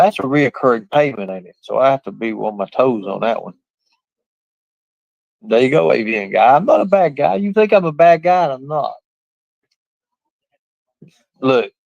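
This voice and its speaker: A man's voice: mid-range voice, gravelly, no room sound, muffled recording. A man hosting a livestream, ranting in a boastful, profane, mocking way. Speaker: livestream host. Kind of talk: casual livestream rant.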